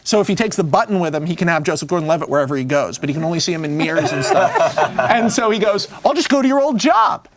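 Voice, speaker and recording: A man, a screenwriter, talking casually in an interview and acting out scenes as he pitches a film. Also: slight background noise. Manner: animated storyteller who acts out scenes; speaks in fast bursts with many "like" fillers.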